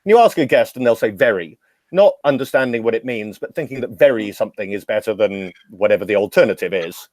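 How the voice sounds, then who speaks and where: A middle-aged man, a drinks educator guesting on a podcast, telling long anecdotes with wry humor in a relaxed conversational way. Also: fairly low pitch, quick pace, no echo. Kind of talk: casual storytelling interview.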